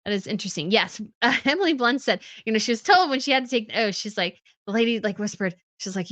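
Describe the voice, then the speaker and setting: Lively, bright-voiced woman hosting a livestream. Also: fairly high pitch, fairly quick, dry recording. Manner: chatty, with fillers and soft laughs. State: tired. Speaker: host. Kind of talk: casual livestream chat reading comments.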